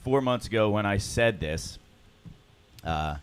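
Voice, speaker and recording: A man leads a recovery group in the morning, speaking earnestly and with feeling. His pitch swings a lot as he coaxes the room and he clears his throat often. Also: expressive, a little slow. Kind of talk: motivational group talk.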